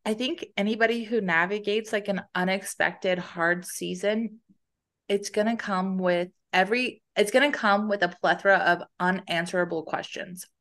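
A woman co-hosting a podcast in a mid-pitched voice, reflective and plainspoken. She talks casually, working her thoughts out aloud as she goes. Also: moderate pace, fairly bright tone. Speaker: podcast co-host. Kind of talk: casual chat.

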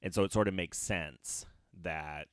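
A young man with a very deep voice hosts a casual podcast, rambling through his thoughts with frequent restarts and easy chuckles. The sound is dry and close to the mic. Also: unhurried, smooth, no echo. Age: young adult. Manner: rambling, many fillers and restarts, chuckling often. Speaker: podcast host.

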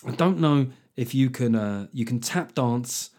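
A man hosting a solo comedy podcast, riffing in a chatty, sardonic way with puns and quick mock voices. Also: mid-range voice, expressive, a little mellow.

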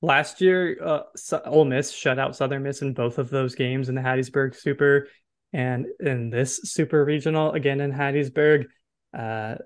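Man, podcast host, casual sports chat, mid pitch, self-correcting. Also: fairly even intonation, moderate pace. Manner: chatty, self-correcting, checks facts aloud.

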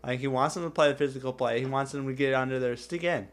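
A man's voice: medium pitch, quick pace. A man co-hosting a casual podcast chat, talking in an easygoing way and laughing easily. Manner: chatty, laughs easily, hedges with "I think". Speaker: podcast co-host.

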